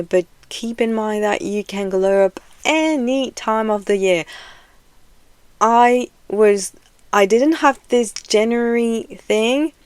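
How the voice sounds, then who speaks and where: A woman talks straight to her viewers in a frank, rambling way, leaning on "you know" and small laughs. Her delivery is slow and unhurried. The recording is dry and close, with no room sound. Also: medium pitch, darkish tone, smooth, no echo. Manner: laughs often between phrases. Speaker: video essay vlogger. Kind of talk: casual direct-to-camera talk.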